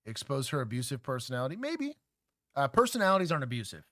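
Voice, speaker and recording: A man's voice: medium pitch, huge pitch swings, fast talker, fairly bright tone, dry recording, studio quality. Blunt joking man hosting a livestream. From Texas. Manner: blunt, joking, lots of filler words. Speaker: host, former police officer. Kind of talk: casual livestream commentary.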